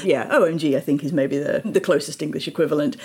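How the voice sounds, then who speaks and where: A woman's voice: low voice, fast, a little mellow, husky. A woman co-hosting a news podcast, chatty and explanatory, laughing easily. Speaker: podcast co-host. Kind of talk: casual chat.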